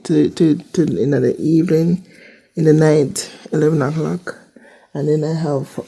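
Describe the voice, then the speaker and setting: This vlogger and seasonal worker, a young Jamaican woman, has a deep, gravelly, mellow voice with a breathy edge. She chats loosely from her kitchen at home, wandering off topic and saying things more than once.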